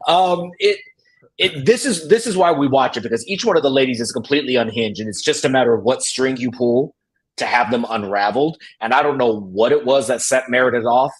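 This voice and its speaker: Husky, excitable man gushing on a panel. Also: mid-range voice, fairly quick, rough recording. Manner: excitable, giggly, dramatic quoting. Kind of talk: casual recap chat.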